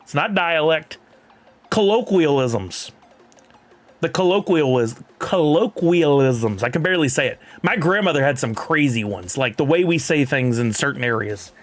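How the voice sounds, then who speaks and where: A man's voice: a little high, lively intonation, brisk, few pauses, a bit bright. A man with a Texan accent chatting casually on a live stream, rambling and laughing often while reading chat.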